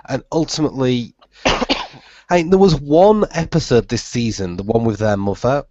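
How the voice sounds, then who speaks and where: A man of middle pitch co-hosting a casual podcast, sarcastic and emphatic, with frequent laughs. The sound is dry and close. It is a little dull, like lo-fi podcast audio. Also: no room sound. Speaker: podcast co-host. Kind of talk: casual chat.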